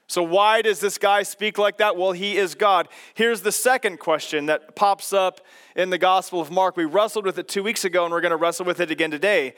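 Male pastor preaching in a church, high smooth voice, emphatic and slows on key lines. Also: a bit bright. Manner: emphatic, slowing on key phrases. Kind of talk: sermon. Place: church sanctuary.

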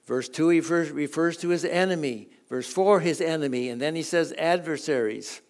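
An older man giving a folksy sermon, telling chuckling personal stories and reading scripture with halting restarts. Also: on the high side, darkish tone. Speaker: guest preacher.

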